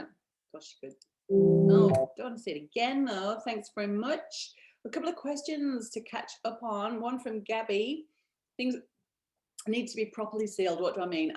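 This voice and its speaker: A woman's voice: mid-range voice, darkish tone. A woman hosts a casual business webinar from her home, talking in a chatty, encouraging way and asking her audience questions. Her voice has a roomy echo around it. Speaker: business founder presenting a webinar.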